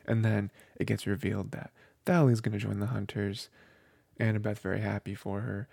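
Male podcast co-host, husky-gravelly, close and dry, rambling fan chatter. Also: lowish voice, flat delivery, normal speed, darkish tone, no room sound. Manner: rambling, filler-heavy, with many "you know" and "like". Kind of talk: casual book discussion.

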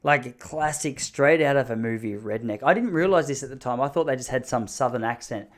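A man's voice: medium pitch, fairly quick. A man in his thirties telling a story casually and with animation. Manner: animated, mimics the people in his stories. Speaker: vlogger.

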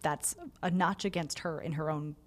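A woman co-hosts a casual advice podcast, answering listener questions in a frank, chatty way. Her voice sits a little low for a woman. She talks loosely and easily, with everyday fillers. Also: steady tone, moderate pace. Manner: frank, chatty, breaks into laughter.

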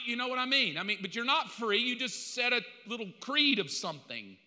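Fervent high-voiced male preacher. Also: very animated, sharp tone, big-room sound. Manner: impassioned, emphatic, rapid lists. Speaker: pastor. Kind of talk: sermon.

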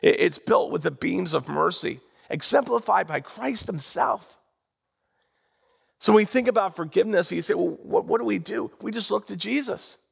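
A man preaching a sermon in church, animated and drawing responses from the congregation. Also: sits high, moderate pace, gravelly, slightly rough. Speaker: pastor. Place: church sanctuary.

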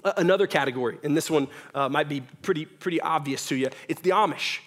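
A man's voice: a little high, fast talker. A young man preaching a sermon in a church, casual and joking, often asking "right?". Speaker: pastor. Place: church hall with audience.

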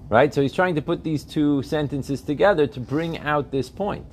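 A man's voice: a little high, normal speed, slight background noise. A man teaching a religious text class, often asking his students questions and checking that they follow.

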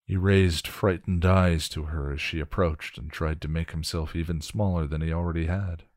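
A man reading a story aloud in a measured, steady narration. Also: sits low, no echo, clean studio sound. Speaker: story reader.

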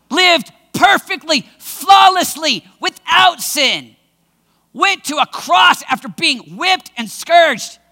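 Preacher guy doing jesus scolding, stern and loud, ringing hall echo. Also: very high-pitched, creaky, full character voice. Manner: rebuking, emphatic, rising to shouts. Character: Jesus, man, stern and pleading teacher.

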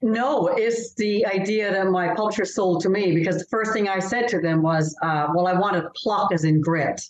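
A woman's voice: medium pitch, moderate pace. A woman novelist from Canada, telling stories earnestly and expressively as an interview guest. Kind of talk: interview conversation. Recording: roomy, dull lo-fi sound.

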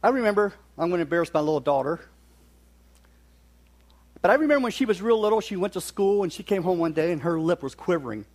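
A middle-aged preacher with a high, light voice. He delivers his sermon in a folksy, joking storytelling way. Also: expressive, fast talker, pauses often. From West Virginia.

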